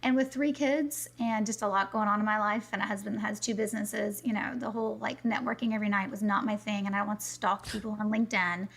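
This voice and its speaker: A middle-aged woman from South Carolina with a mostly neutralized Southern accent, talking quickly and energetically as an interview guest. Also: medium pitch, fairly even intonation, a bit bright. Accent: mild Southern, mostly neutralized. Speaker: guest, business coach. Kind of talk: fast-paced interview talk.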